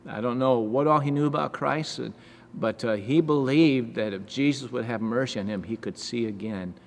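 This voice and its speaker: A male pastor giving a devotional sermon with scripture reading, earnest, measured and encouraging. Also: medium pitch, vocal fry. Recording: echoey hall with faint background noise.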